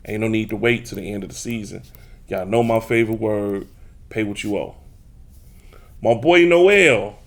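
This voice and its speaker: A man from hosting a sports talk show, teasing rival fans in a boastful, casual way and speaking straight to his listeners. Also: lowish voice. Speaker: podcast host. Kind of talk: trash-talking casual sports chat.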